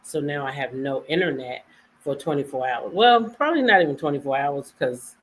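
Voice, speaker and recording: A woman hosting a casual live stream, greeting her viewers by name and chatting with them, her voice a little hoarse. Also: sits low, expressive, brisk. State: voice a bit hoarse. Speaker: livestream host.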